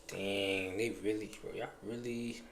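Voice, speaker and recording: A young man, just out of high school, telling laid-back stories in casual slang with a frequent "bro". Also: steady tone, unhurried, gravelly, a bit bright, slight background noise. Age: recent high school graduate. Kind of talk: casual chat.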